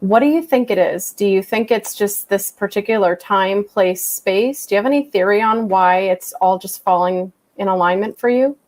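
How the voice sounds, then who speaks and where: A woman hosting a podcast, with a mid-pitched, everyday voice. She mostly listens with short murmurs, then asks a long, open-ended question. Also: moderate pace, few pauses, darkish tone. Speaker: podcast host. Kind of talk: interview questions.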